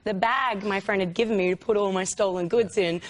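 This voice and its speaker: A woman with an Australian accent, a guest on a talk show, telling animated anecdotes and quoting herself. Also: medium pitch, brisk. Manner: animated storytelling, quotes herself. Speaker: actress guest.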